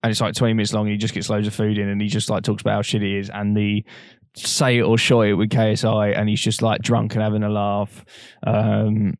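A young man co-hosting a podcast, chatting casually, swearing often and telling animated stories. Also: fairly low pitch, brisk, no room sound, studio quality. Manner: swears a lot, animated storytelling. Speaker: podcast co-host. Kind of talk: casual chat.

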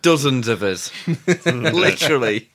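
A man's voice: mid-range voice, lively intonation, slow pace, a bit bright. A man as a quiz contestant in casual podcast chat, sheepish and laughing.

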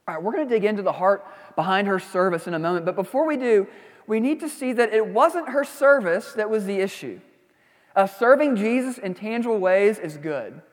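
A man's voice: high voice, animated, normal speed, long reverb tail. A man preaching a sermon as a pastor, reading scripture, praying and teaching in a conversational way with frequent asides.

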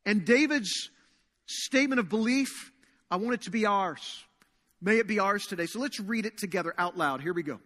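Man preaching, sharp bright tone, earnest, drawn-out emphasis, echoing church hall. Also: high voice, lively intonation. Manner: earnest, slows and stresses key phrases. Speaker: pastor. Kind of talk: sermon. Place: church sanctuary. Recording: long reverb of a large hall.

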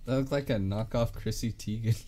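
A man's voice: on the low side, a little fast, mellow, a little hiss or hum. A man in his mid-twenties chatting casually while browsing pictures, with wry, dry remarks. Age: 20s. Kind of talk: casual chat browsing images.

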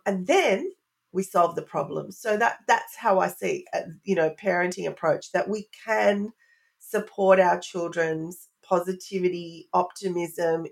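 A woman's voice: medium pitch, gravelly. A middle-aged woman, a parenting expert guest on a podcast, speaking earnestly in lists and repetitions. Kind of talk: podcast interview.

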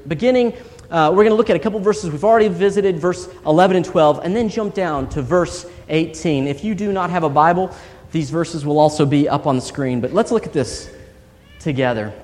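A man preaching a sermon in church, telling stories and acting out quoted voices. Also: fairly high pitch. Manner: storytelling, animated quoted voices. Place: large church hall. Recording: long hall reverb.

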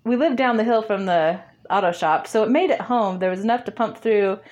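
Animated woman telling a story. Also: mid-range voice, brisk, lo-fi sound. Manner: animated, laughs often, acts out dialogue. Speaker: interview guest. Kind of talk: casual storytelling.

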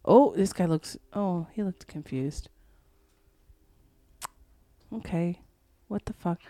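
A woman's voice: fairly low pitch, slow, warm tone, dry recording, studio quality. A woman co-hosting a podcast, teasing her friend and exclaiming playfully while watching a video chat. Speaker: podcast co-host.

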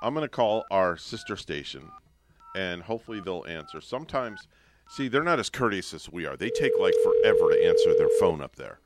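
A man's voice: deep voice, sing-song, fairly quick, very noisy. A man hosting a morning radio show, chatting in an upbeat way while he calls another station. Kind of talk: casual radio banter. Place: radio studio. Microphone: studio microphone.

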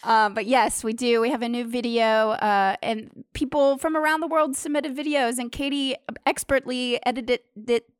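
A woman's voice: on the high side, steady tone, normal speed, hardly any pauses, smooth, no room sound, clean studio sound. A woman co-hosting a comedy podcast in casual chat, telling a story, laughing often and trailing off and restarting. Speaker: podcast co-host.

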